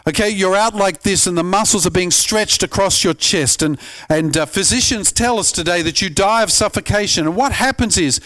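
A pastor earnestly preaching a sermon, often climbing to emphatic peaks and stumbling over repeated words. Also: male voice, high voice, moderate pace, a bit bright.

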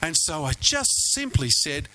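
A man's voice: a little high, big pitch swings, measured pace, noisy background. A man preaching a sermon as pastor, telling stories in a conversational way and asking the congregation questions.

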